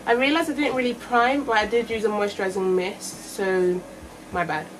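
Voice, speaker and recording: A young woman talks through a beauty review, musing aloud and often doubling back on her words. Her voice sits at a middling pitch, and a faint hiss of room noise stays behind her. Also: steady tone, normal speed, low-quality recording. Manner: chatty, thinking aloud, self-correcting. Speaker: beauty vlogger. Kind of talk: makeup review vlog.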